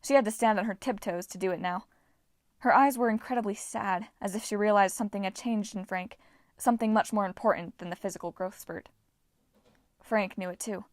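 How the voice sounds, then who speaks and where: A woman reading an audiobook aloud with a lively, expressive delivery. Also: medium pitch, brisk, dry recording, studio quality. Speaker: audiobook narrator. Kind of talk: audiobook narration.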